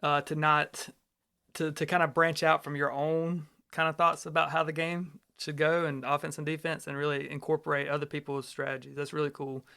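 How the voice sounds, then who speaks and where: A man's voice: a little high, level tone, moderate pace, gravelly, pushed and bright, smooth. A man co-hosting a podcast, chatting casually with playful teasing. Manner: playful teasing, laughs often. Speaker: podcast co-host. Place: lives in Alabama.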